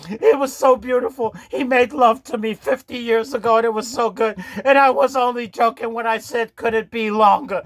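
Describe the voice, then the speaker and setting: A man doing a comic impression of a frantic elderly woman politician who rants, shouts and stammers. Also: very high voice, creaky, dry recording, heavily acted.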